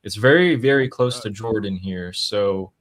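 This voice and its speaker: A low-pitched man hosting a live news analysis stream. He walks through breaking events in a casual, matter-of-fact way, pointing at clips and maps. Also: unhurried. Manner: explanatory, matter-of-fact, laughs at times.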